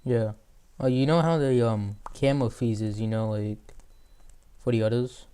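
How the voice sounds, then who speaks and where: A teenage boy hosts a casual chat, asking loose, rambling questions packed with filler words. His voice is mellow and smooth at an ordinary pitch. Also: a little slow. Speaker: host. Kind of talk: casual interview.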